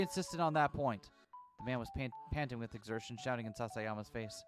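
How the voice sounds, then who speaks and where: A man's voice: mid-range voice, a little fast, faint music behind. A male streamer reading a visual novel aloud, narrating expressively with amused asides.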